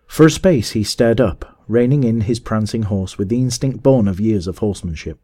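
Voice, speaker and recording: A man with a fairly low voice reads an old adventure tale aloud. He keeps an even, measured storytelling pace through the narration. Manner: measured, even storytelling that rises to shouts in dialogue. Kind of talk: audiobook reading of a classic story.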